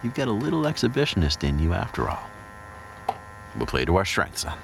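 A man narrating an intimate erotic audio role-play in a low, teasing voice that often slips into a whisper. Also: wildly swooping pitch, fairly quick, gravelly, background noise.

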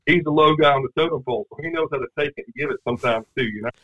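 A man's voice: a little high, rapid-fire, crowd noise. A man, telling a hunting story in a casual, rambling way, with lots of fillers and restarts. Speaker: guest. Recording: dull lo-fi sound.

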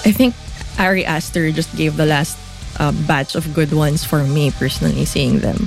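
A woman's voice: deep voice, normal speed, vocal fry, soft background music, low-quality recording. A woman co-hosting a casual podcast, chatty and laughing often, with fillers as she goes. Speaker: podcast co-host.

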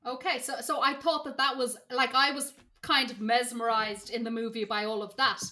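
A woman's voice: on the high side, little pitch movement, moderate pace, bright, forceful tone. A woman co-hosting a casual movie review chat, enthusiastic, often starting with ums and hesitations. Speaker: podcast co-host.

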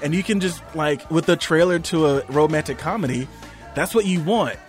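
A man's voice: on the high side, normal speed, faint music behind. A man co-hosting a podcast in casual chat, opinionated and laughing between remarks. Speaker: podcast co-host.

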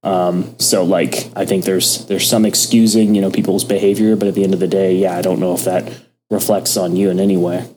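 Man, lowish voice, soft murmuring podcast co-host, thoughtful with lots of ums; faint background hum. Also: flat delivery, a little fast. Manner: soft, drifting into a casual ASMR-like murmur; thoughtful, many ums and restarts. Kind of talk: casual chat, reading from a book.

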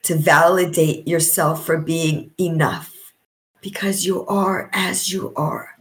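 A middle-aged woman with a low voice speaks as a podcast guest. She talks in a heartfelt, reflective way and slows down to stress her points. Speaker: guest, coach and author. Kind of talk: emotional podcast interview.

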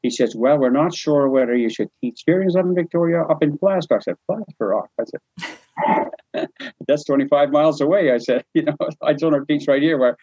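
A man from New Brunswick, Canada, with a fairly high, husky voice tells his life story at a moderate pace in a casual, memoir-like interview. He acts out the dialogue animatedly and chuckles often; the recording is dry and slightly muffled, with no echo.

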